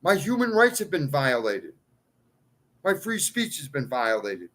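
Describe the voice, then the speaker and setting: A man's voice: high voice, big pitch swings, moderate pace, a bit bright, poor audio. Agitated ranting man, voice leaping around. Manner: agitated, pleading, swings between outbursts and muttering. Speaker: self-styled cleric addressing followers. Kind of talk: ranting monologue to followers.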